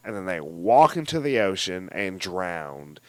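A man's voice: low voice, unhurried, dry recording. A man co-hosting a casual film podcast, swearing freely and acting out scenes in mocking voices. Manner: profane, animated, retells scenes in mocking voices. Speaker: podcast co-host.

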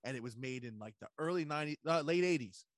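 A man's voice: on the high side, lively intonation, quick pace, no echo, clean studio sound. A man co-hosting a podcast in casual, profane banter, emphatic and enthusiastic about what he loves. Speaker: podcast co-host.

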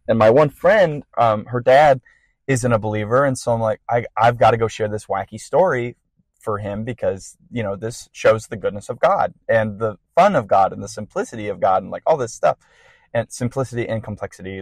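A young man hosting a podcast, telling a personal faith testimony in a casual, rambling way with bursts of excitement. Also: on the low side, no echo, poor audio. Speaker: podcast host.

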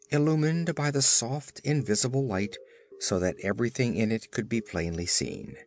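A man reading a children's storybook aloud as narrator. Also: lowish voice. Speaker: audiobook narrator. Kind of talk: scripted narration.

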